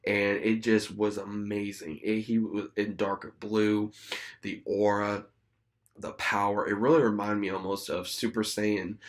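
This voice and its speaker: A young man casually retelling an episode in a rambling, excited way as a YouTube reviewer. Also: on the low side, a little slow.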